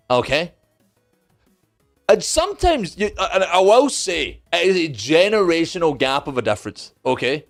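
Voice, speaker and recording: Animated, swearing young man, high-ish voice. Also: moderate pace, creaky, soft background music. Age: young adult. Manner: animated, profane, acts out other people's lines. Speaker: streamer. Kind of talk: casual storytelling.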